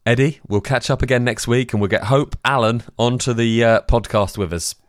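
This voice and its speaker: A man's voice: mid-range voice, fairly quick, no room sound, studio quality. A man co-hosting a casual radio-station podcast, talking in an enthusiastic, rambling way. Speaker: podcast co-host. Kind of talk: casual chat.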